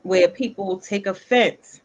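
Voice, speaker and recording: A woman co-host talks through ideas in a thoughtful, step-by-step way during a casual chat. Her voice sits at an ordinary pitch, and the recording sounds dull and lo-fi. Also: takes it slowly. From the Bronx, New York. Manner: thoughtful, builds points step by step.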